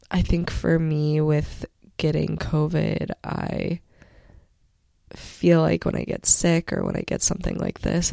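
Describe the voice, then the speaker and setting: A young woman hosts her solo podcast in a heavily gravelly, sick-sounding voice, low and mellow in tone. She speaks slowly and reflectively, leaning on fillers, close to the mic in a dry, dead room. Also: no echo. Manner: slow, gentle, reflective, with many fillers. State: sick, voice worn from illness. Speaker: podcast host. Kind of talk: casual solo podcast talk.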